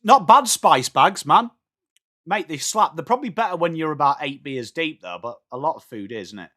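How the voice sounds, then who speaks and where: A young man from the north of England, his voice on the high side and his pace moderate, hosts a fan watchalong. Between live sports commentary he reads the chat, trading excitable banter with viewers by name.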